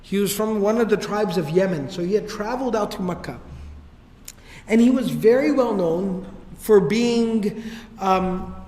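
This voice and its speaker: High-voiced man lecturing in an echoey hall. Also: a little slow, warm tone. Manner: casual, conversational, with slang. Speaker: religious teacher. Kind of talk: casual lecture on history. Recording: echoey hall with long reverb.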